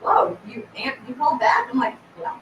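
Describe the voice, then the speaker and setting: A woman chats casually on a live stream, quick to laugh. Her voice sits a little high. She sounds far from the mic in a roomy, echoing space. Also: expressive, a bit bright, dull audio, a little hiss or hum. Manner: chatty, laughs easily. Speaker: haunted house co-owner. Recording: echoey room, far from mic.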